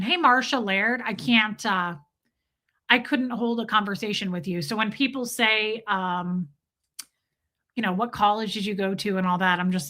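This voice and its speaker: A woman's voice: mid-range voice, a bit bright. A woman hosting a casual livestream Q&A, candidly answering chat comments and thanking viewers by name. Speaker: livestream host.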